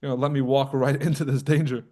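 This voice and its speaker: A man's voice: mid-range voice, level tone, quick pace, warm tone. A man hosting a trading livestream in casual, profane, joking talk, roasting and teasing his viewers. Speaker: trading coach and livestream host.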